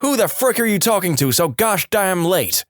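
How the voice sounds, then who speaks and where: A man's voice: sits high, big pitch swings, normal speed, dry recording, studio quality, voice pushed up. A man putting on a furious shrieking mother. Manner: yelling, scolding. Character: furious shouting middle-aged mother.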